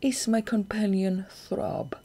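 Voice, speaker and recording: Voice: mid-range voice, fairly even intonation, slow pace, creaky, mellow, husky, voice pushed up, full character voice. Goth, a reader voicing a giant fierce male bat. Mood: coolly explaining. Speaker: audiobook reader. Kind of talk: fan audiobook character voice. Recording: home-recorded audiobook.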